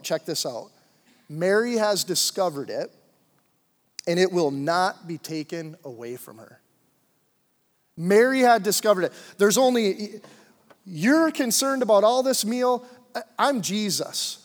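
A man's voice: sits high, animated, measured pace. A young adult man preaching a sermon to a church congregation in a loose, conversational way, with plenty of fillers and asides. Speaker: pastor. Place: church sanctuary. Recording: long hall reverb.

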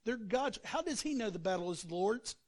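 A man's voice: high-pitched, lively intonation, a little fast. A male pastor preaching a sermon, telling the story with energy and acting out quotes and sound effects.

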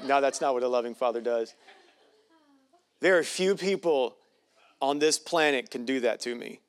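A man's voice: mid-range voice, moderate pace. A man preaching a sermon in a folksy, joking way with playful asides. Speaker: pastor.

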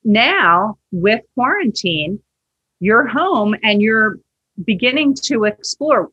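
A woman's voice: on the high side, expressive, slow pace, pushed and bright, breathy edge, dull audio. A woman who teaches yoga, a podcast guest telling earnest stories and acting out the dialogue in them. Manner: earnest storytelling, acts out quoted dialogue. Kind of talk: podcast interview.

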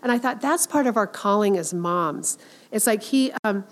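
A woman's voice: mid-range voice, moderate pace. A middle-aged woman speaks to a women's gathering about faith and home in an earnest, conversational way. She talks in a mid-range voice, circling back with fillers and restarts as she thinks aloud. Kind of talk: informal faith talk.

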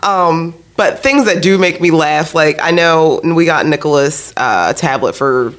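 A woman telling stories about her children in casual chat, animated and laughing often. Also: deep voice, unhurried. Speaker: podcast guest, mother.

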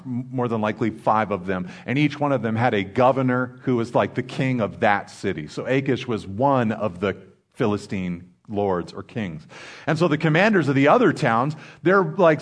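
A man teaching a Bible passage: he reads verses slowly, then explains them in a relaxed, conversational way full of fillers. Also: mid-range voice. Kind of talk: Bible study sermon.

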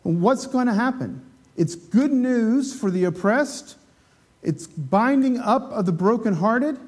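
A man preaching a sermon in a relaxed, conversational way, retelling a scripture story, asking the congregation questions and briefly acting out the voices of the crowd. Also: very high-pitched, unhurried.

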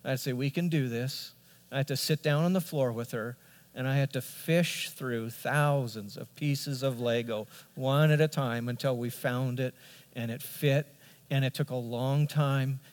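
A middle-aged man preaching a sermon as a pastor, telling a family story earnestly and building to emphatic points. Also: fairly high pitch. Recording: long reverb of a large hall.

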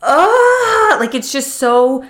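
A woman co-hosting a casual podcast chat, recapping a TV series and acting out the characters' lines with big leaps in pitch. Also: normal speed. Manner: animated retelling, acts out quotes with big pitch jumps. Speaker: podcast co-host.

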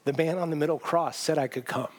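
A man's voice: a little high, big pitch swings, fast talker. A pastor voicing a plain, bewildered male thief who answers the angel simply and with puzzlement. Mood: simple.

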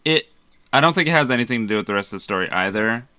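A man's voice: medium pitch, animated, racing, sharp tone, clean tone, no echo. A young man co-hosting a movie podcast, rambling casually and swearing, with lots of restarts. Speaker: podcast co-host. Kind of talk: casual chat.

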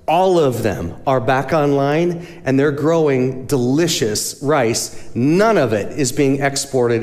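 Man, guest speaker, storytelling sermon, acts out quotes, mid pitch, long hall reverb. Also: a little mellow. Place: church sanctuary.

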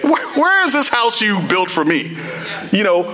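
A man's voice: high voice, big pitch swings, unhurried, bright, forceful tone, low-quality recording. A young man preaching a sermon in a casual, conversational way, full of "you know" and "like".

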